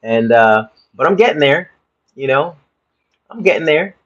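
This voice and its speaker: A man's voice: on the high side, animated, unhurried, a bit bright. A man hosting a casual livestream from his phone at home, chatting to viewers in a rambling way and repeating himself. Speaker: livestream host. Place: home room. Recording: slightly dull phone audio.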